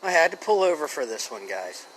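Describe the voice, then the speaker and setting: A man's voice: fairly high pitch, very animated, a little fast, fairly bright tone, a little hiss or hum, low-quality recording. A man in his forties with a Philadelphia accent, rambling and joking to his phone camera from his truck. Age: 40s. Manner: joking, rambling, self-mocking. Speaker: vlogger, scrap-metal worker. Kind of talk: casual vlog monologue.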